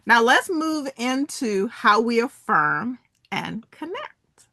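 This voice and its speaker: A woman presenter in middle age talks listeners through a wellness framework and guides them through spoken exercises. She speaks slowly, with a bright voice that swings widely in pitch. The sound is dry and close, with no room echo. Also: big pitch swings. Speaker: workshop presenter. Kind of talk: interactive wellness talk.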